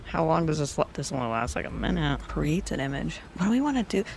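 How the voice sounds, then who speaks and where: Playful female player in a tabletop game, lively expressive voice, faint background hiss. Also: low voice, gravelly. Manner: chatty, playful, quick.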